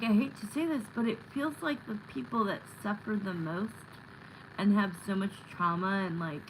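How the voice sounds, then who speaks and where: A woman's voice: mid-range voice, fairly bright tone, a little hiss or hum, poor audio. A woman hosting a tarot livestream, chatting casually and rambling with lots of fillers, recorded on a phone. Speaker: tarot reader livestream host.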